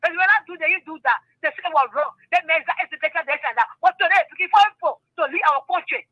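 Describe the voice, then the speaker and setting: A woman's voice: very high voice, fast, dry recording, dull audio. An older woman, calling in to a talk show and speaking with passion, tearful at times. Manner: impassioned, tearful at times, preachy. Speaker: caller.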